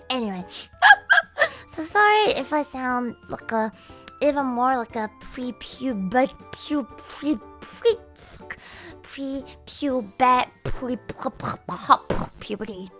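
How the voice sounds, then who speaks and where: A woman streamer talks casually to her viewers in a hoarse, strained voice. She sits high in her range and swoops all over it, giggly and swearing freely, with faint music playing softly behind her. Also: measured pace. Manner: animated, giggly and foul-mouthed.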